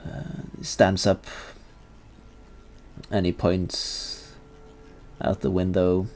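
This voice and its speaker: A man narrating a tabletop role-playing game as game master, in second person and with halting pauses and fillers. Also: sits low, monotone, darkish tone, a little hiss or hum.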